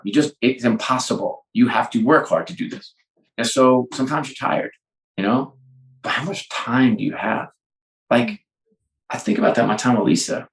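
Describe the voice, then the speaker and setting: A middle-aged man, a business leader, talking in an interview, telling stories and acting out the dialogue. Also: medium pitch. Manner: animated storyteller, acts out dialogue. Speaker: sports executive guest. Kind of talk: conversational interview. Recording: roomy echo.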